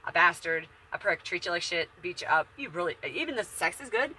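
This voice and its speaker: A woman's voice: fairly low pitch, expressive, brisk, pushed and bright, slight background noise. A woman in her forties, chatting bluntly and profanely from her bedroom in a casual, rambling monologue. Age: 40s. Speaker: vlogger.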